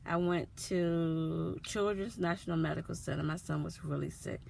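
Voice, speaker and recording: A woman's voice: low-pitched, fairly even intonation, moderate pace, gravelly, darkish tone, slight background noise. A woman, a mother, earnestly telling her son's story in a personal vlog, repeating herself with feeling. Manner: earnest, repetitive, emotional retelling.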